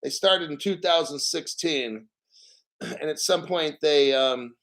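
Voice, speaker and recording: Man, crypto vlog host, slightly high voice, profane, blunt, jokey, drags out words for emphasis. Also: fairly bright tone. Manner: brash and profane, jokey asides; emphatic, repeats words slowly. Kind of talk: casual crypto vlog commentary.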